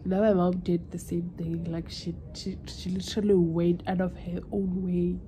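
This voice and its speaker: A woman's voice: fairly low pitch, little pitch movement, moderate pace, warm tone, slight background noise. A South African woman in her twenties chatting casually in a vlog, emotional and switching languages mid-sentence. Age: 20s. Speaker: vlogger.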